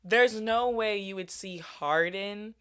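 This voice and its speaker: A woman's voice: mid-range voice, takes it slowly, fairly bright tone, smooth. A young woman in her twenties giving a sarcastic, profane comedic reaction to a movie as a YouTuber. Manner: sarcastic, profane, bursts into shrieks.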